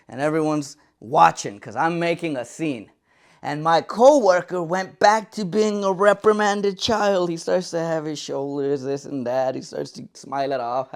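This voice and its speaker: A young man telling a personal story in a comic vlog, animated and acting out quotes in different voices. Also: on the high side, normal speed, gravelly. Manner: animated, acts out his own thoughts and other people in quoted voices.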